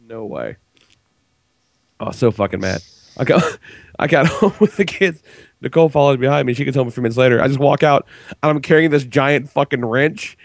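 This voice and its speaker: A man's voice: medium pitch, a little fast, no room sound. A man hosting a podcast, telling a story with a lot of swearing in an exasperated tone. He sounds sick. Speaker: podcast host. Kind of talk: casual chat.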